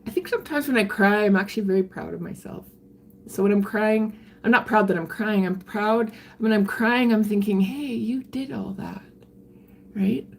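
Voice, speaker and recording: An older woman, chatting candidly on a live stream and answering viewer comments in a halting way, often restarting her sentences. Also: medium pitch. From Canada. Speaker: livestreamer reading viewer comments. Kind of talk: casual live-stream chat.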